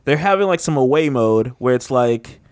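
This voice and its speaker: A man's voice: medium pitch, expressive, normal speed, no echo, clean studio sound. A man in casual chat, rambling with lots of filler words and a skeptical tone.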